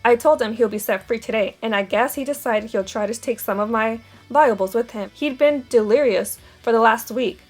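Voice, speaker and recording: A woman with a somewhat high voice reads a chapter of a novel aloud in steady storytelling fashion. She gives the quoted characters light voices of their own. Soft music plays faintly behind her. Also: brisk, hardly any pauses. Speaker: audiobook reader.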